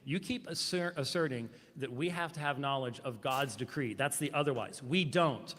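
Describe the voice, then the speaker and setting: A man's voice: medium pitch, normal speed, fairly bright tone. A man in a formal debate, answering indignantly and with emphasis. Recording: debate clip in a reverberant hall.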